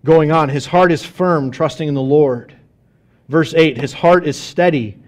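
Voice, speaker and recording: A pastor with a high voice for a man delivers a sermon in a chatty, animated way. He asks the congregation questions and acts out little scenes in quoted voices. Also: a little slow. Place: church sanctuary.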